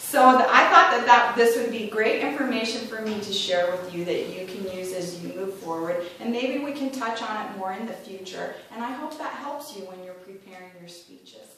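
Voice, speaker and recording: A woman's voice: medium pitch, normal speed, few pauses, bright, forceful tone, slight background noise. A middle-aged woman giving a prepared speech to a club, chatty, acting out voices when she quotes people. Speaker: club speaker. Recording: echoey room from far off.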